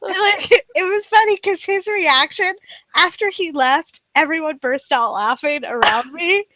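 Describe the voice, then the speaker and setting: An American woman riffs through a bawdy, playful chat as co-host. Her voice sits high and bright, and it comes across close and dry from a computer mic. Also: a little slow, no room sound. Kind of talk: casual comedic chat. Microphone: camera off, computer mic.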